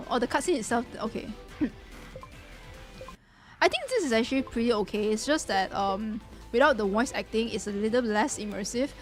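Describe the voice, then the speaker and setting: A woman's voice: on the high side, lively intonation, moderate pace, soft background music. A woman streamer chatting casually while reacting to game scenes, giggling easily and apologizing often. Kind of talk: casual live-stream chat.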